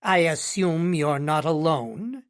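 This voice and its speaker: A man's voice: on the high side, takes it slowly. A man putting on a sarcastic middle-aged mother. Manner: dry, sarcastic.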